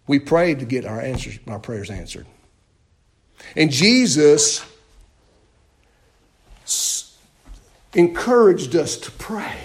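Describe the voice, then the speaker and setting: A man's voice: fairly high pitch, lively intonation, slow, long pauses, breathy edge. A man preaching a sermon in a church, emphatic and full of rhetorical questions and repeated phrases. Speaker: pastor.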